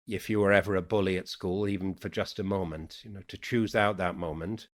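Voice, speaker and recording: Lyrical poet with a Yorkshire-Irish-American accent. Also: male voice, low-pitched. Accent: mixed Yorkshire, Irish and American. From England, Yorkshire. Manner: lyrical, unhurried, thoughtful. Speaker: guest poet. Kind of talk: reflective conversation.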